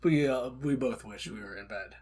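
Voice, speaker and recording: A man co-hosting a casual podcast chat, joking and swinging between loud and soft. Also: medium pitch, moderate pace, breathy edge. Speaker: podcast co-host.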